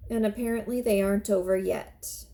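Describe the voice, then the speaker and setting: A woman's voice: mid-range voice, steady tone, normal speed, mellow, lightly acted. A woman voicing a proud toy china rabbit with a resigned, bitter inner voice. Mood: weary.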